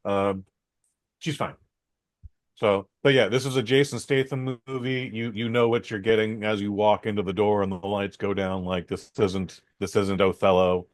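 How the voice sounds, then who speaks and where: A man's voice: fairly low pitch, no echo. A man hosting a podcast, rambling through a casual film review with many fillers, restarts and some swearing.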